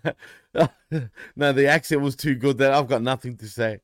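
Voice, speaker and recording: A man's voice: mid-range voice, normal speed, dry recording, studio quality. A man co-hosting a casual wrestling review podcast, dropping wry, teasing quips. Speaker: podcast co-host.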